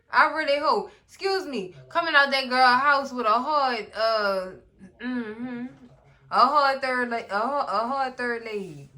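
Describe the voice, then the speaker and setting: A woman in casual recap commentary, animated and sassy, often talking straight to the characters. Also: a little high, takes it slowly. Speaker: recap vlogger.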